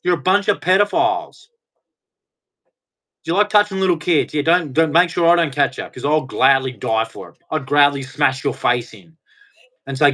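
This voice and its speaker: A man's voice: medium pitch, normal speed, bright, forceful tone. Heated man ranting. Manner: heated, swearing, emphatic. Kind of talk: angry ranting monologue.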